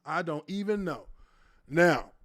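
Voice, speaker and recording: A man's voice: fairly high pitch, animated, slow pace, a bit bright, no echo, clean studio sound. A man in his thirties, a former offensive lineman, hosting a casual live stream and telling stories with a lot of profanity and laughter.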